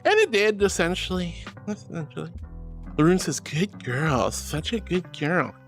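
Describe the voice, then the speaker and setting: A woman streamer chats casually with her audience, bubbly and affectionate as she reads messages aloud. Her pitch swoops up and down freely, and faint music plays underneath. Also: animated, unhurried. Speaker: streamer reading chat. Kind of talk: casual live-stream chat.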